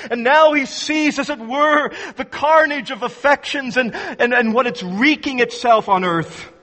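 A man delivers a sermon in a high voice, pacing his words slowly and deliberately. He swings between loud, emphatic peaks and hushed low phrases. A long reverb trails behind him, as in a church hall. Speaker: preacher.

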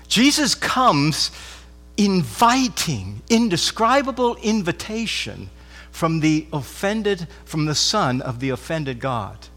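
High-voiced fervent preacher in a reverberant hall. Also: male voice, big pitch swings, slow. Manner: fervent, repeats phrases, stammered restarts, swings from loud to hushed. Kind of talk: sermon. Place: church with congregation.

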